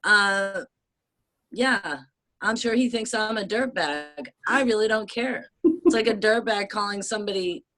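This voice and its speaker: A woman from the United States in casual chat, rambling and animated, swearing and laughing often. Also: mid-range voice, a little slow.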